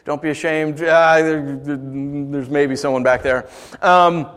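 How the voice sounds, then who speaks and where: A man preaching a sermon, conversational and animated, with playful asides to the congregation. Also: a little high, slow, smooth. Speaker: pastor.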